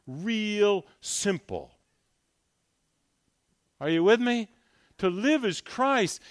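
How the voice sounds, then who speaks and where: An older man giving a fervent sermon as a guest speaker, moving from loud exhortation to quiet personal storytelling. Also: high-pitched, no echo, studio quality.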